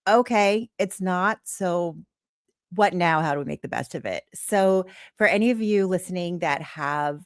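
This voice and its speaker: A woman's voice: on the low side, measured pace, dry recording, studio quality. A woman hosting a podcast, guiding the talk in an encouraging, supportive way. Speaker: podcast host. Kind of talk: candid podcast conversation.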